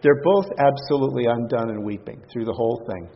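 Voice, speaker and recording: Animated preacher in a reverberant church hall. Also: male voice, medium pitch, fast talker, creaky. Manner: animated, self-mocking humor, acts out quoted voices. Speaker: pastor. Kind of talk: sermon storytelling. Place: church auditorium. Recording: long reverb, dull lo-fi sound.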